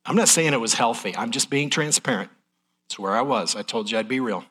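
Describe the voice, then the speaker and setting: A man's voice: medium pitch, expressive, fairly quick, fairly bright tone, slightly rough. A middle-aged man preaching a sermon in a folksy, candid, emotional way. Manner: folksy, transparent, emotional delivery.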